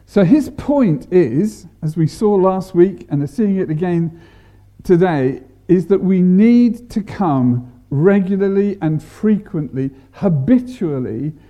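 A man preaching a sermon, deliberate, repeating and stressing words to make his point. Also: high voice, expressive, mellow.

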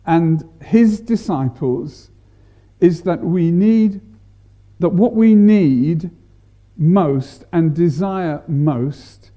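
A man preaching a sermon, deliberate, repeating and stressing words to make his point. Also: on the high side, mellow.

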